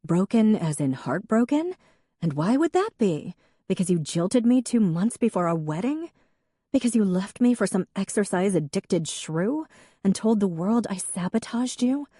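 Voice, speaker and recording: A woman's voice: fairly low pitch, animated, unhurried, dark tone, slightly rough, dry recording, clean studio sound, exaggerated voice. A woman playing a terse, guarded young woman. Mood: bitter outraged. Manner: terse, clipped short replies.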